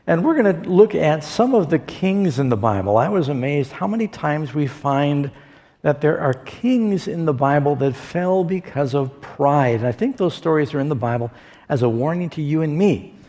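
A pastor giving a sermon, telling stories folksily with pauses and fillers. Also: male voice, on the high side, animated, warm tone. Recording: long hall reverb.

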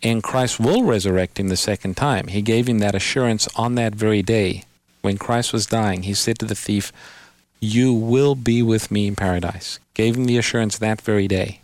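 A man hosting a call-in radio Bible program, patiently explaining scripture and slowing down to quote verses. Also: lowish voice, steady tone, dry recording. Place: radio studio.

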